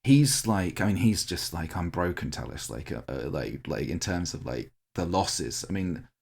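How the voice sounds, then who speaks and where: This podcast co-host has a low, slightly rough voice with vocal fry, lively intonation, and normal speed. He's tearing up as he tells a long, rambling, heartfelt larp story in casual chat, with lots of fillers and restarts.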